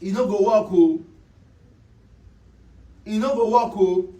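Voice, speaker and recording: A Nigerian man delivers a heated, scolding rant straight to his online audience, circling back over the same lines in exasperation. His voice sits high for a man and has a husky, breathy edge. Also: slow pace, dark tone, muffled recording.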